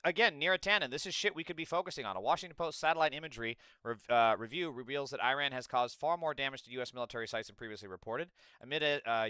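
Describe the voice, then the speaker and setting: A man's voice: medium pitch, sharp tone, clean tone, no room sound, clean studio sound. A man hosting a political commentary livestream, talking in a profane, sarcastic and rambling way. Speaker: livestream host.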